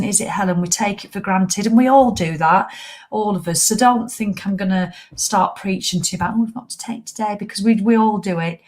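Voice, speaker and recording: A middle-aged woman with a British English accent, hosting a live walking group as a fitness coach in a chatty, blunt, motivational way with casual swearing. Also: medium pitch. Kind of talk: casual live-stream chat.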